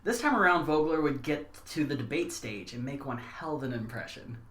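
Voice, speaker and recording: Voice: mid-range voice, expressive, brisk, a bit bright, roomy sound. A podcast host reading a history segment, breaking into wry, joking asides. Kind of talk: scripted history narration mixed with casual chat.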